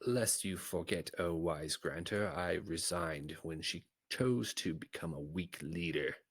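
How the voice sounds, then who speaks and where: A man voicing a sly, scheming old creature advisor with a raspy, fawning way of talking, in a storybook reading. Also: deep voice, unhurried, no echo. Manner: wheedling, fawning flattery.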